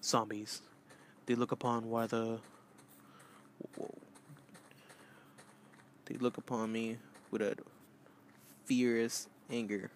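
Male host, goofy let's play commentator, excitable, prone to yelling, mid-pitched voice. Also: slow, pauses often, a little hiss or hum. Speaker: gaming channel host.

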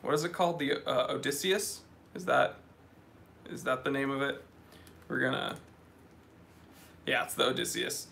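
Bright-voiced man hosting a chatty live stream. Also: mid-range voice, normal speed, gravelly, long pauses, slight background noise. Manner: reads out viewer names and comments, chatty and joking. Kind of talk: casual live stream chat. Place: office.

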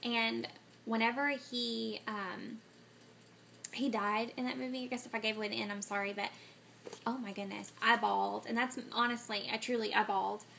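Slightly high-voiced woman rambling to her camera, lots of ums, kinda sick and coughy. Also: fairly even intonation, normal speed, vocal fry, a bit bright, slight background noise. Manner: scatterbrained, many ums and self-corrections. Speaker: vlogger answering a movie tag. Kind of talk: casual chat to camera.

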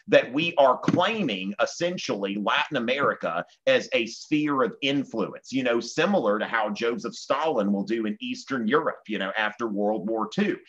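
Bright-voiced Southern male history teacher. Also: medium pitch, muffled recording. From Virginia. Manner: conversational, many fillers, animated quotes. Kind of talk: online exam-prep lecture.

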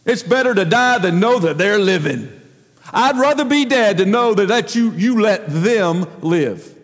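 A man voicing an angry, petulant male prophet who rants and accuses, his voice climbing as he shouts. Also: animated, a little slow. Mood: furious, bitter. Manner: shouting, accusing, rising in pitch. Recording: long reverb of a large hall.

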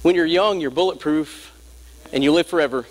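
High-voiced male preacher in a reverberant hall. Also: a little fast. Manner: emphatic call-and-response preaching; storytelling with rhetorical questions. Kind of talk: sermon.

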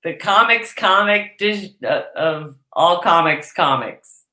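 Blunt, bright-voiced woman comedian. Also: on the low side, expressive, slow, echoey room. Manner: blunt, swears freely. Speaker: comedian guest. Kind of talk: casual chat.

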